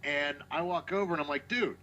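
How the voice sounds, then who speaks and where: Man, podcast storyteller, animated, swears a lot, muffled lo-fi audio. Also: medium pitch, normal speed, faint music behind. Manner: animated, profane, acts out quotes. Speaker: podcast co-host. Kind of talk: casual storytelling.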